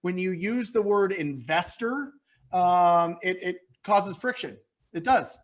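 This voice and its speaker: High-voiced energetic male real estate coach. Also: takes it slowly. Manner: energetic, motivational, repeats phrases for emphasis. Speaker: real estate wholesaling mentor, webinar guest. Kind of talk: webinar Q&A coaching.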